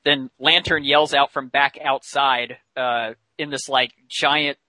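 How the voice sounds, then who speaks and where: Man, podcast host, chatty recap, bright voice, dry sound. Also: mid-range voice, fairly even intonation, slow pace, no room sound. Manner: chatty, many fillers, laughs while telling. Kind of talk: casual episode recap.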